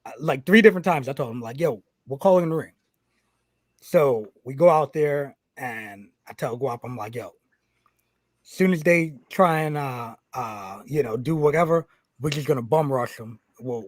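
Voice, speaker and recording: A man who is a pro wrestler telling a story on a podcast, animated and profane, acting out what people said. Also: mid-range voice, normal speed, dry recording. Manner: animated, profane, acts out quotes. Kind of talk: casual storytelling.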